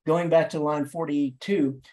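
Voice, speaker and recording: A man lecturing as an English professor, talking in an animated, dramatic way that leaps up and down in pitch, with frequent restarts and repeated words. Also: a little slow. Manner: animated, dramatic delivery with sudden pitch jumps. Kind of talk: literature lecture.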